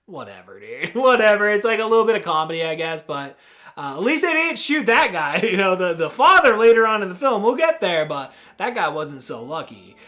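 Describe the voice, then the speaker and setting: A man hosting a podcast, casually recapping a horror movie in a rambling, profane way, full of "dude" and quick acted-out quotes. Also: sits high, very animated, pushed and bright. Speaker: podcast host reviewing a horror film.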